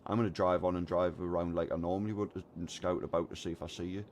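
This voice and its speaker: Man, low voice, casual gaming chat, animated storyteller. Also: quick pace, slight background noise. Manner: animated storyteller, swears a lot, acts out voices in anecdotes. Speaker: streamer.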